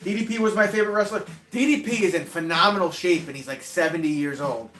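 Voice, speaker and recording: High-voiced man calling a ballgame from home. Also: fast talker, fairly bright tone. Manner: chatty, profane, drifts off topic. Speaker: livestream watch-along host. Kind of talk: casual play-by-play commentary. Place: room at home. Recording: roomy echo.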